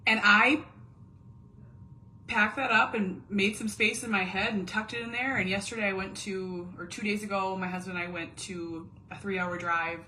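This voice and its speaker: Her voice is medium-pitched, fairly even, bright and forceful at normal speed, caught in a rough recording with slight background noise. She is a mom and caregiver in her thirties confiding earnestly to camera at home, at times nearly whispering about what hurts.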